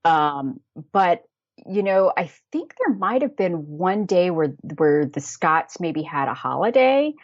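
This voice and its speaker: A woman's voice: fairly low pitch, very animated, takes it slowly, no echo. An American woman chatting as a guest in an interview, laughing often and trailing off in fillers and restarts. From United States. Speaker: podcast guest, travel planner. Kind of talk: casual interview chat. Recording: dull lo-fi dry sound.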